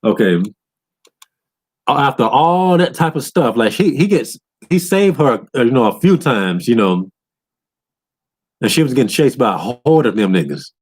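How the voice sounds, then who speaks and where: A man in a loose, profane rant recapping a video game, often breaking into higher voices to quote characters. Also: lively intonation, a little slow, pauses often, slightly rough. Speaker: gaming commentator.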